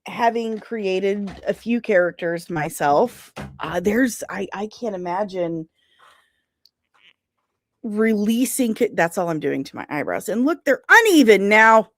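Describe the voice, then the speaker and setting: A woman's voice: medium pitch, animated, unhurried, no room sound, clean studio sound. A young woman hosting a casual live stream, bantering playfully with her chat and laughing in exasperation. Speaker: host of a pop culture live stream.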